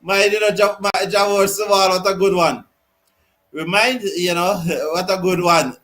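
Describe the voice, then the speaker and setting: A man hosting a live cricket watch-along, mixing excited commentary with reading out viewer comments. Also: high voice, measured pace, low-quality recording.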